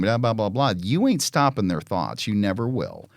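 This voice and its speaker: A man's voice: medium pitch, normal speed, hardly any pauses, no echo, studio quality. A middle-aged man, the show's host, talking bluntly and with profanity in casual podcast chat, acting out parent and child voices as he tells stories. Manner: blunt, profane, animated storytelling.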